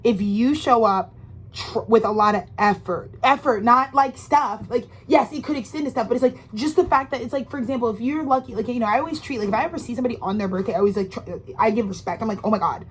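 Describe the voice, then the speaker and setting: A woman's voice: fairly high pitch, quick pace, slight background noise, low-quality recording. Rambling woman giving a tarot reading. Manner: rambling, emphatic and profane, with frequent restarts; slangy, intimate direct address to the listener. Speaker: tarot reader. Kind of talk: casual tarot reading monologue.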